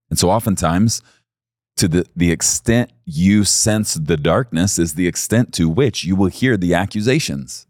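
A man's voice: deep voice, normal speed, a little mellow, no room sound, clean studio sound. A middle-aged male pastor preaching a sermon in an earnest, intimate way that swells to emphatic peaks.

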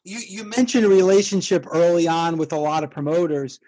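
A man co-hosting an interview and asking a detailed, measured question. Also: fairly high pitch, steady tone, mellow, low-quality recording. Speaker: co-host interviewer.

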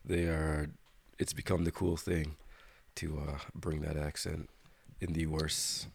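Low gravelly man chatting on a podcast. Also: takes it slowly, slight background noise. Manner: relaxed, chatty, laughs often. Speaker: podcast co-host. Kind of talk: casual chat. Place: Toronto area.

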